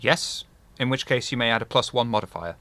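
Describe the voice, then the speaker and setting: A man running a tabletop game as game master, calmly calling rolls and modifiers. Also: mid-range voice, fairly quick, no echo.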